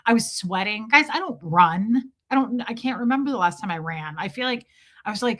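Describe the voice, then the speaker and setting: A woman from Nebraska telling a self-deprecating travel story on a live stream in a casual, animated way. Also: a little high, brisk. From Omaha, Nebraska, USA.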